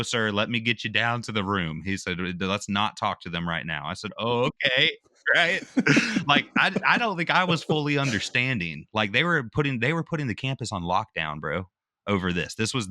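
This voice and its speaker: Veteran guy telling a story, kinda low voice but bright and forceful, dry close sound, keeps saying dude. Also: no echo. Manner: animated retelling, acts out quotes, slangy with "dude" and "bro". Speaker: podcast guest, veteran. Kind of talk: casual storytelling.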